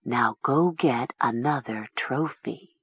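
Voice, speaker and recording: As an audiobook reader puts it on, a quiet, menacing voice whispers orders inside someone's head, drawn out and unhurried. It is husky and soft, heard on a dull, dry recording. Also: mid-range voice, no room sound, pitched below the performer's own voice, exaggerated voice. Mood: cold commanding. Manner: slow, hushed, coaxing orders. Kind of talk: audiobook reading.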